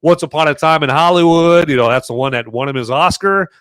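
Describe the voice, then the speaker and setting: A man's voice: fairly high pitch, brisk, fairly bright tone, smooth, no echo. A man hosting a casual live movie review podcast, rambling with lots of filler words. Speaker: podcast host.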